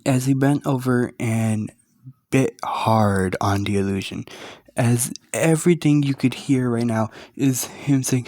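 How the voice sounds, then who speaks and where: A man narrating a fan story in a halting, hesitant way, speaking quietly with a sore throat. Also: medium pitch, no room sound.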